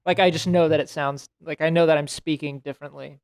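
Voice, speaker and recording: Rambling young man, smooth and dry. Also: a little high, steady tone, fast, no echo. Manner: rambling, self-interrupting, frequent restarts. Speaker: podcast host. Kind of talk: casual podcast chat.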